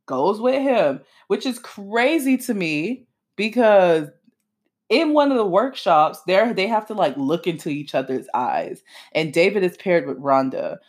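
A young woman giving a casual, opinionated monologue about a reality show, sassy and animated, her pitch swinging up and down for emphasis. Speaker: podcaster reviewing reality TV.

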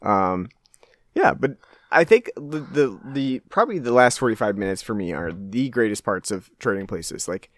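A man co-hosting a casual film chat, talking in loose, rambling sentences full of "like" and "you know." His voice sits at an ordinary pitch, recorded dry and close with no room sound. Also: moderate pace, no echo. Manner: rambling, filler-heavy, relaxed. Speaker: podcast co-host. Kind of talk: casual movie discussion.

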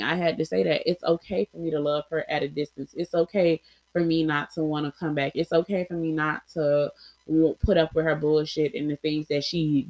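A woman's voice: deep voice, no room sound. A young adult woman vlogger telling personal stories candidly, blunt and heavily profane, acting out quoted lines.

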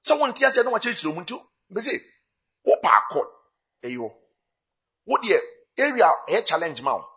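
A man with a Ghanaian accent delivers a sermon, moving between Twi and English. His voice sits high and bright, with a husky edge, and he rises into fervent bursts of emphasis. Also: sing-song, moderate pace, long pauses. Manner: preaching with rising bursts, mixing Twi and English. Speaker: pastor.

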